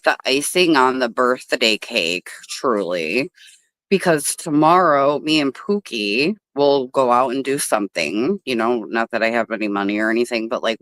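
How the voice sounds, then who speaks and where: A woman's voice: rumbling low, a bit bright, no echo. A woman hosting a casual livestream outdoors at a table, chatty and blunt and swearing freely. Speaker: livestream host.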